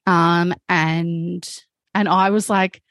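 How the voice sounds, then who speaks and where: A woman's voice: lowish voice, steady tone, extremely slow, fairly bright tone, no echo. A woman speaking as a guest, telling a personal story candidly, with frequent fillers and some swearing. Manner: frank, swears, many fillers like "like" and "um".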